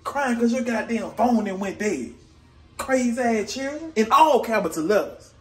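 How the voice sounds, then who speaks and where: A man comedian delivering a profane, exasperated comedic rant with animated storytelling. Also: very high-pitched, moderate pace.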